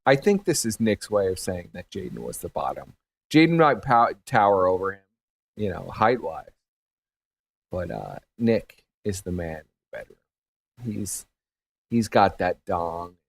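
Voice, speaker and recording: A man's voice: sits low, sing-song, measured pace, gravelly, slight background noise. A man co-hosting a casual stream chat, tossing in crude, sarcastic remarks. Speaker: podcast co-host.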